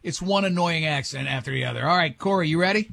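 A man hosting a radio show, telling a rambling, animated story in casual banter with his co-hosts. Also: a little high, fast, creaky. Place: radio studio.

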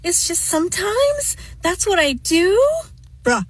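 A woman playing a bubbly young Gen Z woman, with vocal fry and a voice that rises at the end of every sentence. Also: very high-pitched, big pitch swings, slow pace, full character voice. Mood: giddy. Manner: sentences rising at the end, filler-heavy slang.

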